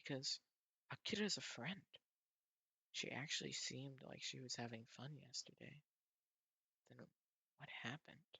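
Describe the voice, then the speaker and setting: A man's voice: medium pitch, animated, normal speed, vocal fry, pushed and bright, slightly rough, no room sound. A man reading a manga aloud as an anxious teenage boy, hesitant and earnest, with stammers. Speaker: narrator and reader.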